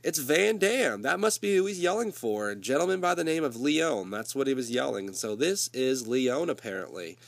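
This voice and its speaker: A man's voice: medium pitch, very animated, moderate pace, vocal fry, few pauses, dry recording. Casual swearing man with a cold. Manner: loose, swearing, conversational storytelling. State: summer cold. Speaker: movie recap host. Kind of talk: casual profane movie recap.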